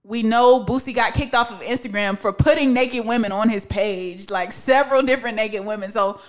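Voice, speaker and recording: High-voiced woman co-hosting a podcast. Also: moderate pace. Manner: sarcastic, laughs often. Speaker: podcast co-host. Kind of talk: casual chat.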